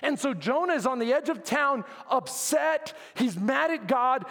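High pitched preacher guy, dramatic sermon, quiet bits then yelling, big echoey church. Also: animated, measured pace. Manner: dramatic, swings between hushed asides and shouted lines. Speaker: pastor.

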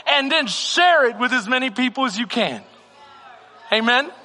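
A man's voice: extremely high pitch, animated, moderate pace, bright, forceful tone. A male pastor preaching a sermon with a passionate, repetitive cadence in a church hall. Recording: reverberant hall with music.

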